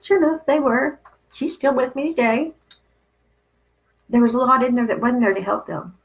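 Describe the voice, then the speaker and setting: A woman's voice: high voice, normal speed, low-quality recording. A woman in her fifties giving a candid spiritual talk, blunt and conversational with some profanity. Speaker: spiritual channel host.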